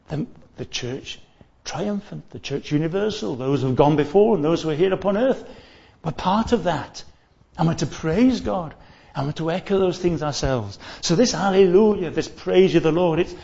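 A man's voice: on the high side, vocal fry, mellow, muffled recording. A man preaching a sermon in an earnest way, often restarting and repeating phrases as he stresses key words.

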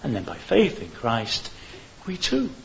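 A man delivers an earnest sermon, his appeals growing fervent and insistent. His voice sits in an ordinary middle pitch. The recording is muffled and carries a faint hiss. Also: wildly swooping pitch, unhurried, gravelly. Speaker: preacher. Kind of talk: evangelistic sermon. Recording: dull hissy recording.

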